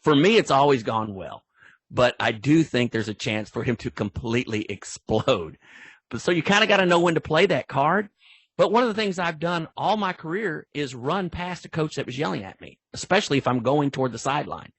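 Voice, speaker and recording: Husky middle-aged man, animated storyteller. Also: a little high, fairly quick, no room sound. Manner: animated storyteller, acts out sideline exchanges. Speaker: veteran football referee, guest. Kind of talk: casual podcast interview.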